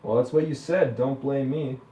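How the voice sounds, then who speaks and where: A man chatting with an AI in a deadpan, needling way. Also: mid-range voice, moderate pace. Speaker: user chatting with an AI. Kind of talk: deadpan trolling chat. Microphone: security camera. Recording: dull, roomy, distant security camera audio.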